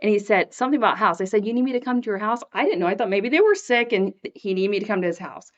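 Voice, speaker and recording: Chatty lady on a faith podcast, mid-pitch, tells stories and laughs a lot, kinda dull lo-fi audio. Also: expressive, very fast. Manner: chatty storyteller, laughs often, acts out quoted voices. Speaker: podcast co-host. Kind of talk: casual faith podcast chat.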